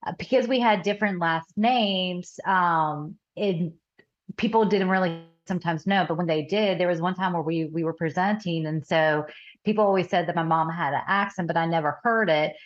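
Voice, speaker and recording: Low-voiced Southern woman, dull lo-fi sound. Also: normal speed. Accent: light Southern US. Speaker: podcast guest. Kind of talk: casual interview chat.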